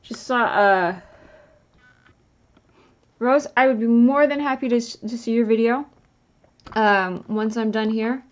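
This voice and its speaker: A woman's voice: on the high side, slow, pauses often. Tired woman chatting while she inks. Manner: rambling, relaxed, with filler words. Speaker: livestreaming artist. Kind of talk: casual chat while inking a drawing. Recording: dull lo-fi sound.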